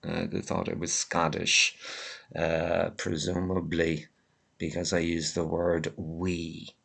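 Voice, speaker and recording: A man's voice: low voice, monotone, takes it slowly, gravelly, a bit bright, breathy edge. A man from Ireland with a fairly neutral Irish accent, talking in a rambling, sardonic solo monologue while congested with a head cold and coughing now and then. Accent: Irish, mildly Limerick. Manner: sardonic, rambling, self-deprecating. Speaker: vlogger.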